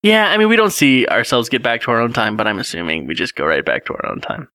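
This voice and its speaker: A man's voice: mid-range voice, wildly swooping pitch, fast talker, bright, forceful tone, dry recording. A man in his thirties, co-hosting a casual chat and animatedly retelling a gamebook read with his child, reading passages aloud with chuckles. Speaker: podcast co-host.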